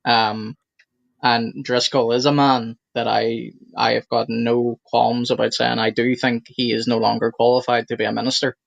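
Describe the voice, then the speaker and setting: A man's voice: mid-range voice, little pitch movement, normal speed, gravelly, no echo, muffled recording. Blunt guy giving his take on a panel podcast, dry close mic. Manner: blunt, opinionated. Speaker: podcast co-host. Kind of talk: casual panel discussion.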